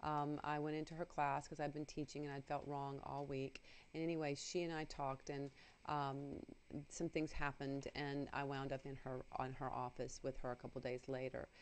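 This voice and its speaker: A middle-aged woman with a low voice tells a personal spiritual story for radio. She is earnest and halting, trailing off into fillers and restarting her sentences as she goes. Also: flat delivery, smooth.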